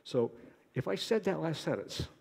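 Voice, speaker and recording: A middle-aged man from Boston giving an academic conference lecture, quick-talking with restarts and wry asides to himself. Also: a little high, lively intonation, gravelly, darkish tone, slightly rough. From Boston, United States. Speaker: conference speaker, archaeologist. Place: lecture hall. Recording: long hall reverb.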